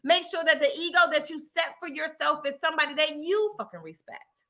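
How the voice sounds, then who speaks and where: A woman's voice: high-pitched, fairly even intonation, fairly quick, a bit bright. A middle-aged woman telling a story and giving a motivational talk, with emphatic repetition and a preachy tone. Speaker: motivational speaker.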